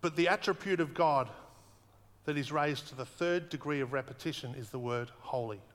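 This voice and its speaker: A man preaching a sermon earnestly, slowing down and repeating words for emphasis. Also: medium pitch, a bit bright, big-room sound. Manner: earnest, emphatic repetition, slows for weight.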